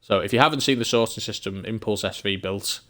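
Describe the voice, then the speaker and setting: A low-pitched English man giving relaxed, rambling commentary on a live game stream. He thinks aloud as he goes and breaks into chuckles now and then. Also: fairly quick. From England.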